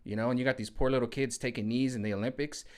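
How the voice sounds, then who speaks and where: Sweating in a hot room at home, a male vlogger talks straight into his mic and keeps pushing through a loose, slangy political rant, circling back to "you know what I'm saying." His mid-range voice is fast and darkish, with fairly even intonation.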